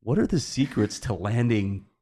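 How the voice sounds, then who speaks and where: A man's voice: mid-range voice, sing-song, moderate pace, mellow, breathy edge. A man hosting a sports talk show, asking easygoing questions with light laughs. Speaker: show host.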